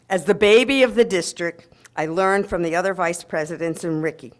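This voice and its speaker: A woman's voice: on the low side, normal speed. An older woman giving an emotional, reminiscing award acceptance speech to an audience at a convention, with frequent ums and laughs. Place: convention hall before an audience.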